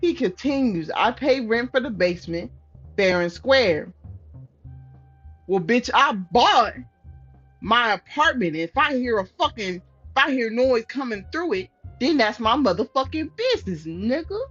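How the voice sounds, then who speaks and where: An animated woman streamer reads a story game aloud, her high voice swinging widely as she breaks into loud, profane outbursts. The recording is a little muffled, with soft game music underneath. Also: measured pace, husky. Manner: animated, profane, bursts into loud outraged reactions. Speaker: gaming streamer.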